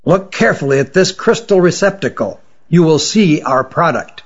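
A man reading a story, voicing a grave male distiller who speaks in measured, solemn tones. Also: fairly high pitch, lively intonation, slightly rough, muffled recording. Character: grave, severe male distiller, usually melodious.

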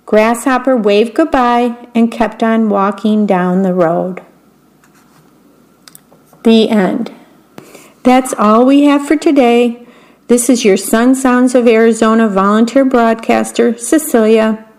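A woman volunteer broadcaster reading a children's bedtime story aloud, gently and unhurriedly, describing the pictures as she goes. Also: on the high side, slow pace.

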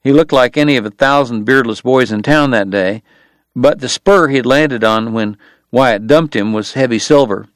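Steady male audiobook narrator, dry sound. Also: medium pitch, moderate pace, no room sound. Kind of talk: scripted narration.

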